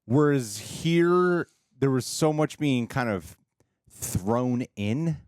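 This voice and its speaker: A man's voice: medium pitch, slow pace, smooth, dry recording, studio quality. A man co-hosting a TV reaction show, chatting casually and joking as he acts out lines. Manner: animated and joking, acting out lines. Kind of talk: casual review chat.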